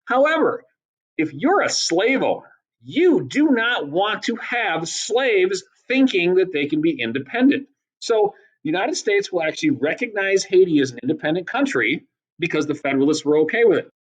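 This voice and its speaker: A man's voice: high voice, big pitch swings, normal speed, husky, poor audio. A man giving a casual history lecture as a teacher, chatty and acting out quotes in exaggerated voices. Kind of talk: recorded lecture.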